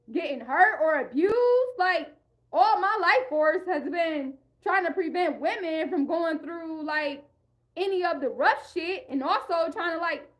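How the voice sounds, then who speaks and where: High-voiced woman ranting with profanity. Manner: profane, heated, repetitive rant; speaks in an African American English style. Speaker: vlogger. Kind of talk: ranting monologue.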